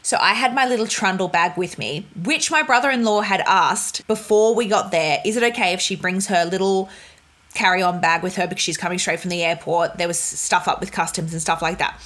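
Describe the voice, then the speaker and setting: A woman's voice: lowish voice, brisk. A young woman vlogger telling stories casually and with energy, laughing often and acting out the people in them, over a humming laptop. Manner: animated, laughing, acts out voices in stories. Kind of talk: casual storytelling to camera. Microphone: laptop mic. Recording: laptop fan humming behind.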